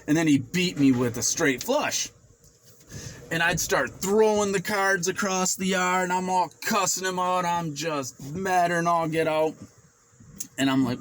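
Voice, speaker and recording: A man in his forties telling a story casually to the camera, rambling and swearing freely, getting animated when he quotes himself. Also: on the high side, moderate pace, a little hiss or hum. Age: 40s. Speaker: finance vlogger.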